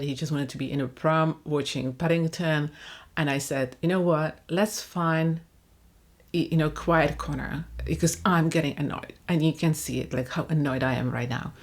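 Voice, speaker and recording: Lowish-voiced woman vlogging about parenting. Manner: reflective, with frequent restarts and fillers. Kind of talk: casual talk to camera.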